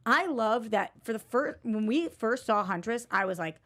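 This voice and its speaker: A woman's voice: a little high, lively intonation, moderate pace, a bit bright. A woman co-hosting a casual film review chat, enthusiastic and reading viewer comments aloud. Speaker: co-host of a movie news show.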